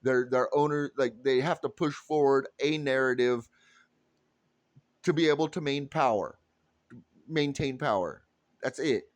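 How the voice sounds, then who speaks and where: A man's voice: medium pitch, unhurried, long pauses, dry recording, dull audio. A man with an ordinary mid-range voice rants hard and swears freely. His delivery is blunt and heated, a monologue aimed straight at the listener. The sound is dry and close, with no room around it. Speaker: political commentator. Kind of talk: ranting monologue to camera.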